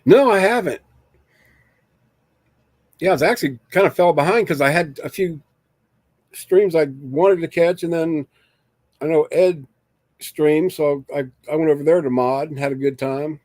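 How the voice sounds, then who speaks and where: Give me a slightly high-voiced man rambling through a casual solo live stream, recorded dry on a desk mic. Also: normal speed, pauses often, a little mellow, dry recording. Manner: rambling, jokey, reads chat aloud.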